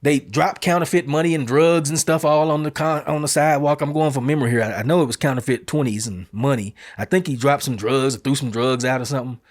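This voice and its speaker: A man's voice: mid-range voice, steady tone, fast talker, few pauses. A man hosting an opinion commentary show, talking bluntly and emphatically in casual street phrasing. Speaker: show host.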